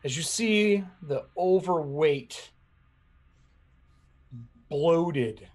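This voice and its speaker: Husky-voiced man running a game. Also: on the high side, drawn-out words. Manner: animated, laughs often. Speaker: game master. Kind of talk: narrating a tabletop game.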